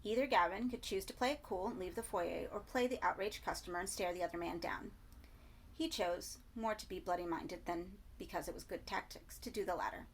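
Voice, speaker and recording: A woman narrating a horror story in a measured reading voice, sometimes dropping to soft asides. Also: on the low side, slight background noise. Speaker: audiobook reader.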